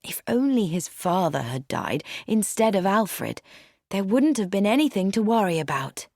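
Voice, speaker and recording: A woman narrating an audiobook with expressive, varied storytelling. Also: medium pitch, moderate pace, no room sound, studio quality.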